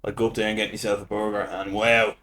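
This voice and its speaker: A man's voice: fairly low pitch, little pitch movement, fast, fairly bright tone. A man from Ireland hosting a casual podcast chat, mostly chiming in with short agreement. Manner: brief agreeing interjections. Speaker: podcast host.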